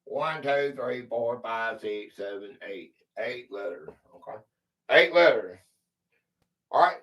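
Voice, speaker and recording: Bright-voiced Southern man hosting a quiz stream. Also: medium pitch, expressive, slow, recorded from a distance. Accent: Southern US country drawl. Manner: chatty, banters with chat and reads quiz questions aloud. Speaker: quiz livestream host. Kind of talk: casual livestream chat.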